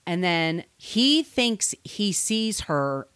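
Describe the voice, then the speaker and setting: A woman in casual conversation, retelling a plot with lots of fillers and lively quoted lines. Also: lowish voice, extremely slow, smooth, dry recording. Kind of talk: casual book discussion.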